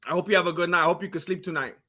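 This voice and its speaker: A man's voice: high voice, steady tone, very fast, bright, forceful tone. A man from California rambling casually as a livestream fight commentator, reading chat and filling his talk with "like" and "you know.".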